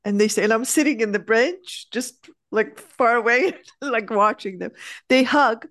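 A woman talking as a spiritual coach, slowing down to stress her points and acting out the people in her stories. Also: on the high side, no echo. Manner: animated storyteller, acts out quotes. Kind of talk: casual spiritual conversation.

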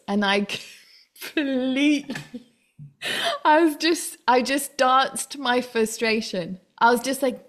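Brief: chatty woman, expressive storyteller, higher pitch. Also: measured pace. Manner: animated storytelling with laughs and exclamations. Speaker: single mother in a dance class. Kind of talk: casual chat.

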